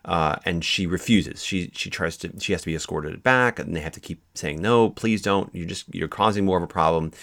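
Male instructor, very low voice, explanatory lecture delivery with restarts. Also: a little fast, creaky, hardly any pauses, fairly bright tone. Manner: explanatory, frequent fillers and restarts. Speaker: legal instructor. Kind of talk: lecture on case law.

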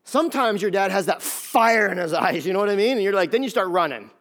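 A man preaching a sermon, animated and conversational, acting out scenes and talking straight to his listeners. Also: high voice, fast talker. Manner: animated, acts out scenes in quoted voices; conversational, talks straight to the audience. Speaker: pastor.

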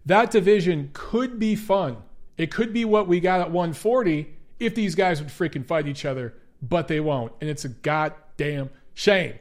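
Male host, high voice, casual profane commentary with Q&A. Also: normal speed. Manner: blunt, profane, chatty. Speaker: boxing show host.

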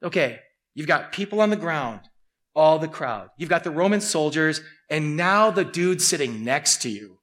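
Animated male pastor, high voice, vivid storytelling sermon. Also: normal speed. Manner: animated, acting out scenes.

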